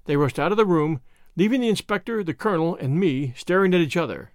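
Lively male storybook narrator. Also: fairly high pitch, fast, dry recording, studio quality. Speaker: audiobook narrator. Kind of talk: scripted narration of a classic story.

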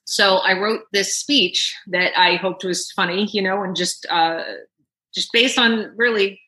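Bright-voiced woman on a talk show, telling a funny story, keeps laughing. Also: mid-range voice, measured pace, rough recording. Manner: animated storyteller, laughing often. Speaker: guest. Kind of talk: casual anecdote.

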